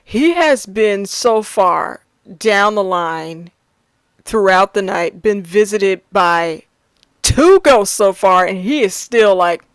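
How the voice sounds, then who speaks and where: A woman's voice: medium pitch, lively intonation, slow, smooth, no echo. A woman in her thirties chatting casually about her favorite films, laughing often and restarting her sentences. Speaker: movie reviewer. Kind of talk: casual movie review chat.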